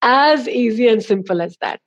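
An Indian-accented woman speaks as a guest coach on a podcast, her voice sitting a touch high. She lays out advice in an instructive, emphatic way, stressing key words and walking through examples. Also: expressive, moderate pace.

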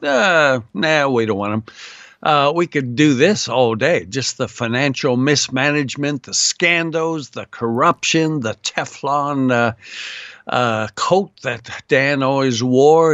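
A man's voice: mid-range voice, a bit bright, dry recording. Guy ranting bluntly about politics, sarcastic, lots of uhs, muffled dry line. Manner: blunt, sarcastic, frequent uh fillers. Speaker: guest commentator. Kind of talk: casual political commentary.

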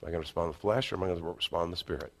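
A middle-aged man, a pastor, preaching a conversational sermon, going from loud emphatic bursts down to hushed, quiet asides. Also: sits low, racing.

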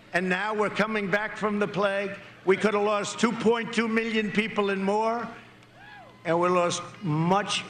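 A man's voice: sits high, fairly bright tone, a little hiss or hum. A man giving a campaign rally speech, emphatic and repetitive, with rambling asides. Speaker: political candidate. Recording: echoey rally recording.

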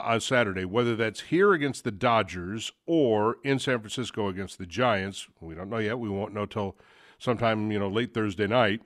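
A man's voice: fairly low pitch, a bit bright, no echo, studio quality. A man hosting a sports talk show, talking casually and rambling with many fillers and restarts. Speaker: sports radio host.

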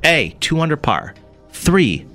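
Over soft background music, a man co-hosting a radio morning show runs a playful quiz, speaking slowly in a fairly high voice. He's lively and teasing, poking fun at the contestants while reading out the multiple-choice answers.

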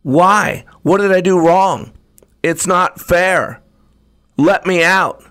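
A storybook teacup come to life, pleading in a lifted, strained voice, as a man puts it on. It cries out high and loud, bewildered, with the energy of someone begging to be let out. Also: very animated, slow, gravelly, no echo, studio quality, heavily acted. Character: talking teacup, plaintive and bewildered.

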